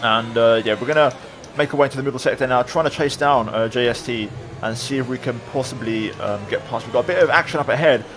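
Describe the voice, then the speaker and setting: A man's voice: mid-range voice, fast. Brief: male sim racer narrating his race replay, easygoing, lots of fillers, noisy game audio behind. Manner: relaxed, reflective, with many fillers. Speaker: sim racing video creator. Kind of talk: replay commentary voice-over.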